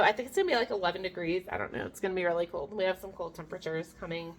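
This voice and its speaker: A woman's voice: medium pitch, a bit bright, a little hiss or hum. A woman in her thirties chatting casually to the camera as she cooks in her home kitchen, laughing at her own mistakes. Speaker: homestead cooking vlogger. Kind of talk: casual cook-along chat to camera.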